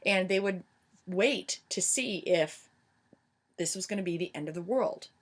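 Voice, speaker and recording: Chatty woman teaching history, low-pitched. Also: measured pace. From United States. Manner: chatty, many fillers and restarts. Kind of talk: informal history lecture.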